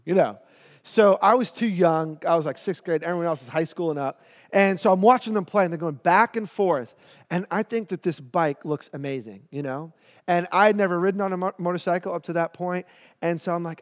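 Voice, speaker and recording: High-voiced animated preacher man in a hall. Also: a little fast. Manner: animated, acts out voices in his story. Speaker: pastor. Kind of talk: storytelling sermon. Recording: long hall reverb.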